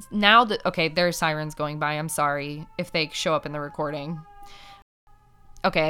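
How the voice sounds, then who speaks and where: A woman's voice: fairly low pitch, fairly bright tone, clean tone. A woman hosting a casual recap commentary, talking candidly and chattily with lots of "like" and little laughs at her own points. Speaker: podcast host recapping a reality show. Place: indoors, street sirens nearby.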